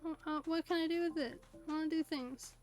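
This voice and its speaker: A high-pitched woman chats playfully through a video game, quick to laugh and full of asides. Her voice is close on a desk condenser mic in a home setup, with faint game music underneath. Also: steady tone, darkish tone. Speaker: streamer. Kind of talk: casual gameplay commentary. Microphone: desk USB condenser mic.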